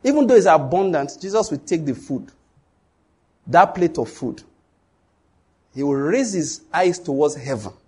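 A middle-aged man, preaching a sermon in an animated storytelling way. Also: on the high side, a little slow, long pauses, breathy edge. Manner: storytelling, animated, with sudden loud acted outbursts. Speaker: pastor.

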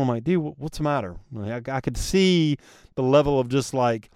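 A man's voice: medium pitch, a little fast, a little mellow, clear, resonant tone, no room sound, studio quality. A man hosting a solo motivational podcast, talking earnestly and casually to his listeners and calling them guys. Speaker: podcast host.

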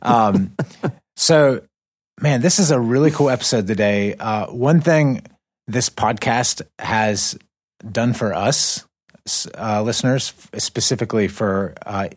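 A young man living in the North Caucasus co-hosts a podcast, his mid-range voice moving at a slow pace. The casual chat is relaxed and loose, rambling with lots of fillers and restarts.

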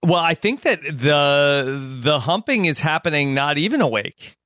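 A man co-hosting a podcast, chatting casually about a reality show, easygoing and halting, with lots of agreeing murmurs. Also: on the high side, lively intonation, a bit bright, no echo, studio quality. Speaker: podcast co-host.

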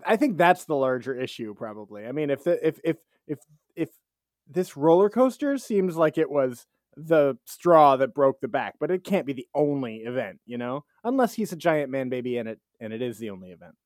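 A man's voice: medium pitch, big pitch swings, moderate pace, darkish tone, no room sound, clean studio sound. A man co-hosting a podcast, joking emphatically and swearing. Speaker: podcast co-host. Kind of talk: casual podcast chat.

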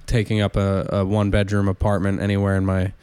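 A man's voice: deep voice, a little fast, clean tone, no echo. A man who is a touring stand-up comedian, telling casual rambling road stories with lots of restarts. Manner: rambling, self-interrupting, animated anecdotes. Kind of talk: casual storytelling chat.

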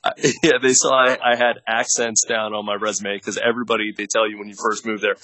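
A man's voice: on the low side, little pitch movement, fairly quick, hardly any pauses, bright, forceful tone, dry recording, low-quality recording. A man in his thirties telling casual stories as a podcast guest, rambling with many fillers and frequent laughs. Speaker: podcast guest, actor and producer. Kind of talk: casual storytelling chat.

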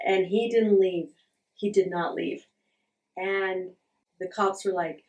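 A woman's voice: medium pitch, steady tone, measured pace, darkish tone. A middle-aged woman candidly telling a personal story with frank, self-deprecating humor and frequent laughs. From Utah. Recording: roomy echo, distant from the mic.

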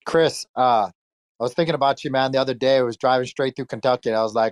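A man's voice: medium pitch, fairly even intonation, quick pace, no echo. An American man telling anecdotes in a casual chat, often laughing.

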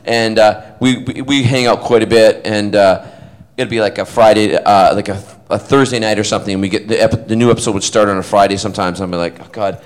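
A man's voice: fairly low pitch, steady tone, fast, clear, resonant tone. A man, an actor, telling rambling anecdotes in a casual interview, full of fillers. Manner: rambling, chatty, many fillers.

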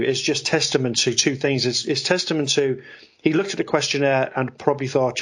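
A man, a guest on a podcast interview, explaining ideas in an animated, talkative way. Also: a little high, moderate pace, slightly rough. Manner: animated, explanatory, self-deprecating about ranting. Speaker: guest, investment expert.

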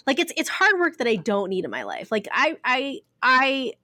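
A woman's voice: high-pitched, wildly swooping pitch, moderate pace, pushed and bright, no echo, studio quality. A woman co-hosting a podcast, chatting casually with lots of fillers. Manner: chatty, uses many fillers. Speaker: podcast co-host. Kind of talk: casual chat.

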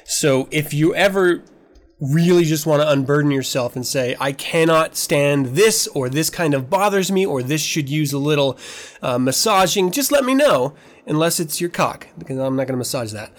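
A man's voice: on the high side, expressive, moderate pace. A man hosting his own podcast, talking candidly and with a lot of profanity, emotional as he relives a painful moment. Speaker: podcast host. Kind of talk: casual podcast monologue.

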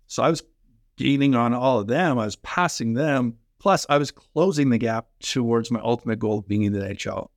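A middle-aged man from Canada, a former pro hockey player, telling energetic, fast-flowing stories in a podcast interview. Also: medium pitch, no room sound, studio quality. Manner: energetic, fast-flowing anecdotes with quoted dialogue. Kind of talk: animated storytelling in a podcast interview.

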